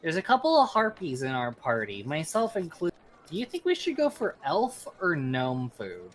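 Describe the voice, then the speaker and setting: A man's voice: on the high side, huge pitch swings, normal speed, fairly bright tone, a little hiss or hum. A man playing in a tabletop game, chatting casually and swearing with friends. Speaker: player. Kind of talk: casual tabletop play, joking.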